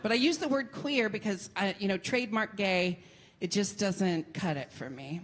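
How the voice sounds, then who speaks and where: A woman from Portland, Oregon, performing a theatrical stand-up set with camp flair and sudden shouted rants. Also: mid-range voice, moderate pace. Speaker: stand-up comedian. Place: comedy venue with a laughing audience. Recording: live stage mic, audience noise.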